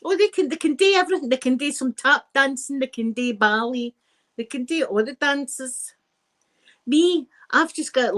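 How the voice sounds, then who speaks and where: A Scottish woman hosting a casual live stream, chatting to her viewers in a rambling, lively way with plenty of asides. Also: fairly high pitch, slight background noise, poor audio. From Scotland.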